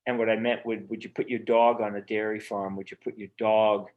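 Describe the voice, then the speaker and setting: A man's voice: lowish voice, flat delivery, fairly quick, narrow, tinny audio. A man being interviewed as an author, talking in an earnest, rambling way with many fillers and restarts over a remote video call. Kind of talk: casual interview conversation.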